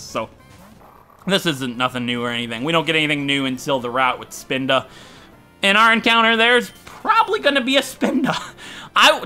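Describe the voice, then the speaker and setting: Here a let's-play gamer from Ohio, USA, a young man, keeps up light, jokey commentary for his audience as he plays. He speaks a little high with a sharp tone, and soft game music runs in the background.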